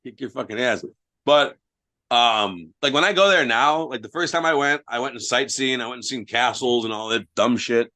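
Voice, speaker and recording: A man's voice: medium pitch, normal speed, pushed and bright. A young man, a guest wrestler, telling blunt, profane stories in casual podcast chat.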